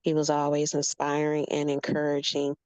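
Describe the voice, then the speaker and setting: A woman sharing a heartfelt memory in a casual group chat, earnest and measured. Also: deep voice, monotone, a little mellow, smooth, dry recording, low-quality recording. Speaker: guest participant.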